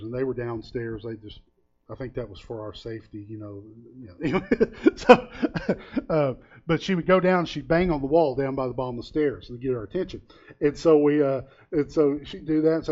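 A man's voice: mid-range voice, a little mellow. A man preaching a conversational sermon, telling stories in a folksy way with frequent hesitations. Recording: dull lo-fi recording.

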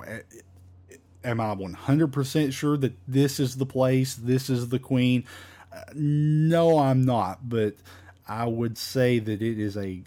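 A man's voice: fairly low pitch, darkish tone. A man teaching a Bible study in a casual, rambling way, with many fillers and restarts, into a home microphone. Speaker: Baptist preacher.

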